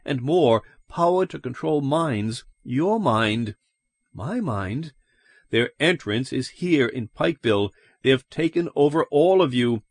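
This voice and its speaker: A man's voice: fairly high pitch, no echo, clean studio sound, pitched above the performer's own voice. A man doing a tense, urgent husband. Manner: urgent, insistent, commanding. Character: tense, urgent middle-aged husband and father. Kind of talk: audiobook character voice.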